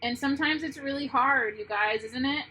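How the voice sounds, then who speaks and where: A woman doing an intuitive tarot reading to camera, earnest and heartfelt, often pausing and restarting. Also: high voice, pushed and bright, slight background noise, low-quality recording. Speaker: tarot reader.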